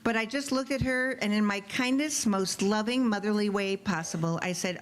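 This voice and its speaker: A mother in her forties reading her humorous personal essay to a live audience, with wry, lively comic storytelling. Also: mid-range voice, moderate pace, few pauses, poor audio.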